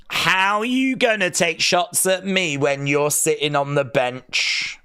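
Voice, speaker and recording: A man's voice: on the high side, slow pace, pushed and bright, clear, resonant tone. A man streaming a watch-along, chatting casually and sarcastically while reading chat aloud. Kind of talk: casual live reaction chat.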